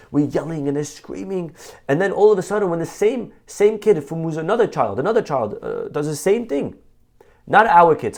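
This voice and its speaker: A man's voice: mid-range voice, darkish tone. A man, a rabbi, giving a conversational Torah class, asking rhetorical questions and quoting Hebrew texts. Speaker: rabbi teaching.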